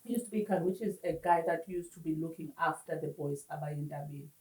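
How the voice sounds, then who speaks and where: Woman, earnest and halting, personal testimony, roomy distant sound. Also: low voice, mellow. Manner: earnest, halting, mixes in Xhosa words. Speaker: interview guest. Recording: roomy echo, distant mic.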